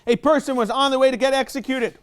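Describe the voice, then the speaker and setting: A man giving a fast Talmud class in a synagogue, reading Hebrew and Aramaic quotes and explaining them in English. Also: very high voice, fairly even intonation, clean tone. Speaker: rabbi teaching Talmud. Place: synagogue study hall.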